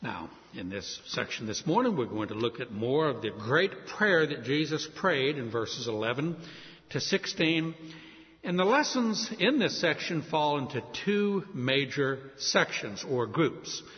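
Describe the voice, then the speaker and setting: Lively preacher in an echoey hall. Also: male voice, medium pitch, unhurried. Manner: expository Bible teaching, conversational asides. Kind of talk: sermon. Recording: echoey hall, dull lo-fi sound.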